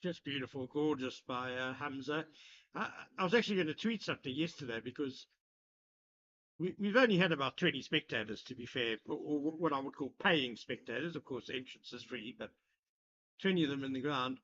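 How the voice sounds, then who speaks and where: A man giving live cricket commentary, measured and analytical, chatting with his co-commentator. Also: mid-range voice, animated, a bit bright, a little hiss or hum. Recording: lo-fi broadcast sound.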